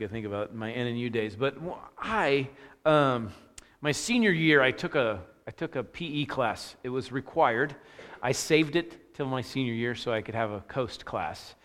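Bright-voiced male pastor in reverberant hall. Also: medium pitch, expressive, moderate pace. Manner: self-deprecating storytelling, frequent restarts and fillers. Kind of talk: sermon.

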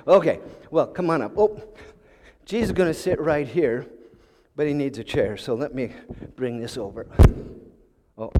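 A man's voice: medium pitch, expressive, moderate pace, darkish tone, slight background noise. A man telling a story as a sermon, chuckling and often repeating words while searching for them. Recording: long hall reverb.

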